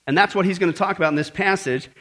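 A man's voice: high-pitched, very fast, bright, forceful tone. A man preaching a sermon as pastor, asking the congregation rhetorical questions and telling a story.

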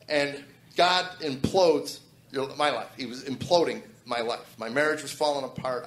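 A man's voice: medium pitch, a bit bright, reverberant, a little hiss or hum. A man in his forties telling an earnest personal testimony, often restarting his sentences. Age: 40s. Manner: earnest, halting with repeated restarts. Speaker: testimony speaker.

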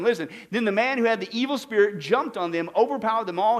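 A man teaching a Bible study as pastor, reading verse after verse and quizzing his listeners with quick rhetorical questions. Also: high voice. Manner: rapid scripture citations with rhetorical questions to the audience.

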